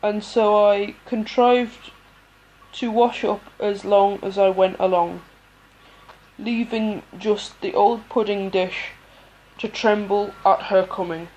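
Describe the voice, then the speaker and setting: A woman reading a novel aloud as an amateur audiobook, unhurried, with pauses and the odd restart. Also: mid-range voice, fairly even intonation, a little mellow, slight background noise, poor audio. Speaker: audiobook reader.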